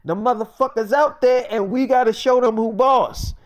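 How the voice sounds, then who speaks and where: A man voicing his bossy, boastful, gun-loving friend in a zombie survival tale, loud and profane. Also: very high voice, fairly even intonation, moderate pace, pitched above the performer's own voice.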